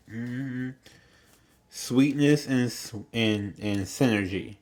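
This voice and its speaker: A man's voice: mid-range voice, lively intonation, unhurried. A man reading tarot cards on a livestream in a casual, rambling way, repeating himself and stumbling a little, his throat catching. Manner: rambling, repetitive, chatty with small stumbles. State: throat catching, slightly choked. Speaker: tarot reader.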